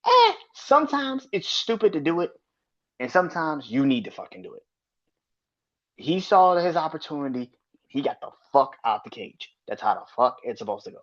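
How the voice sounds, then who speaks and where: A man's voice: a little high, big pitch swings, moderate pace, fairly bright tone. A man hosting a podcast, ranting bluntly and profanely about wrestling in casual, opinionated commentary. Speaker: podcast host. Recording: slightly dull lo-fi audio.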